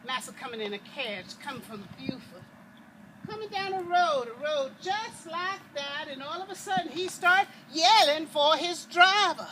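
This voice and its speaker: A woman putting on an eager young enslaved boy who recalls the war with quick, excited dialect. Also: high voice, crowd noise. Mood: storytelling. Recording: noisy outdoor recording with passing traffic.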